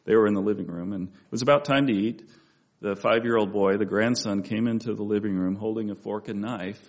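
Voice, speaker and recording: Gravelly-voiced man giving a Bible lesson. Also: lowish voice, moderate pace. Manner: conversational, with asides and restarts. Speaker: preacher. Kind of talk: Bible study sermon.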